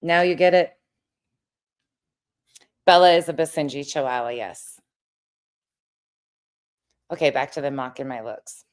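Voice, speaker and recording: A woman's voice: deep voice, a little slow, pauses often. A woman hosting a casual livestream, talking bluntly with plenty of swearing. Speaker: streamer host.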